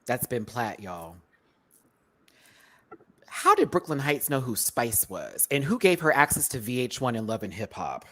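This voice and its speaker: Brief: woman host, deep low register, sassy, talks in acted-out quotes. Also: a little slow. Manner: animated, sassy, acts out quotes. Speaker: show host. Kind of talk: casual panel chat.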